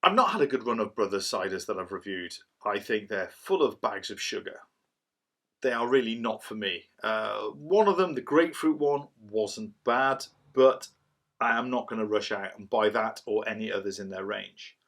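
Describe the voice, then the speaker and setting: A man's voice: lowish voice, expressive, normal speed, a bit bright. A middle-aged man, chatting casually through a cider review and rambling as he goes. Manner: rambling, chatty, self-described waffler.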